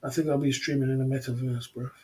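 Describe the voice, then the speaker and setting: A man hosting a casual livestream chat, relaxed and slangy, who chuckles often and repeats himself. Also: mid-range voice, fast. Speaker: livestream host.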